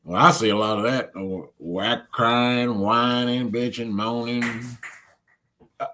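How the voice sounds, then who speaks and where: A vlogger filming at home, cooing at a baby and calling to the dogs in a drawn-out, sing-song voice, caught on a handheld phone. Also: medium pitch, steady tone, bright, forceful tone, a little hiss or hum. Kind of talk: casual home vlog chatter. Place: home, kitchen and living room.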